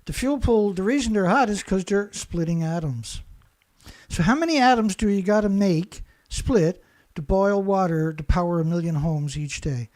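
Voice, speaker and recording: An expressive, high, darkish voice belongs to this male host, who talks at a moderate pace. He rants furiously, throwing insults and repeating himself.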